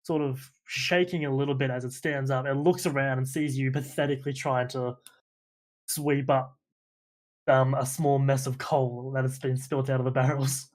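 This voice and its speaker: A man's voice: mid-range voice, level tone, normal speed. A man narrating a tabletop game as game master, hesitant and full of fillers and restarts.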